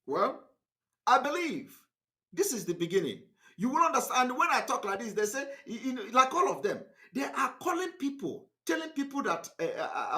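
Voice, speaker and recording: A man's voice: high-pitched, sharp tone. A man with a Nigerian accent giving an impassioned live online broadcast, emphatic and defiant, repeating his points. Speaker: activist broadcaster.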